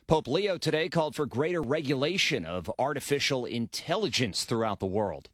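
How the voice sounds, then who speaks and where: A male news anchor reading a network newscast in a measured, formal way. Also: mid-range voice, expressive, a bit bright, no echo. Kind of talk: scripted newscast.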